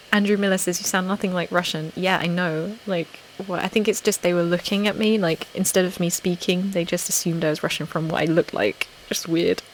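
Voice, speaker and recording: A young British woman, host of an ASMR channel, chatting casually on a live stream and reading viewer comments aloud, often slipping into a soft whisper. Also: fairly low pitch, steady tone, fairly quick, slight background noise, rough recording. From Britain.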